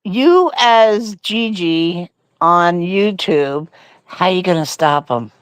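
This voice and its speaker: A woman's voice: on the low side, lively intonation, takes it slowly, clean tone, no echo. A woman co-hosting a casual political chat, teasing and retelling stories with laughter. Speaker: co-host of a live talk show.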